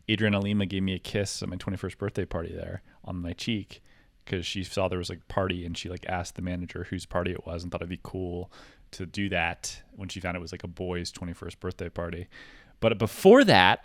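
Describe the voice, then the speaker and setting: Low-voiced man rambling through stories. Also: no echo. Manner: rambling, filler-heavy, mimics voices in anecdotes. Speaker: podcast co-host. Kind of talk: casual comedic storytelling.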